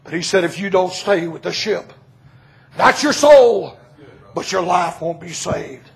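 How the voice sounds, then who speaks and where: High, gravelly preacher man. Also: flat delivery, moderate pace. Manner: storytelling, bursts into shouting. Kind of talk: revival sermon. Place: church.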